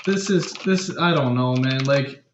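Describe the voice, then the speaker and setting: Animated young man in an echoey room. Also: medium pitch, measured pace, slight background noise. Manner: animated, exasperated, trailing fillers. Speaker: podcast co-host. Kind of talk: casual music news chat. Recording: echoey room, dull lo-fi mic.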